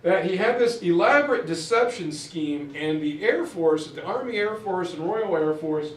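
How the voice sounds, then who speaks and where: A man lecturing on history as an animated storyteller who acts out the quotes. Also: sits high, normal speed. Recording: roomy sound from far off.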